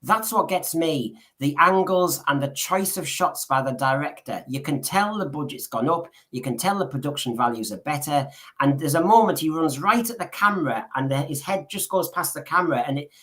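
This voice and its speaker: On the high side and animated, his fairly bright voice moves at a moderate pace. He's a co-host in a casual podcast chat, rambling and frequently restarting sentences with repeated words.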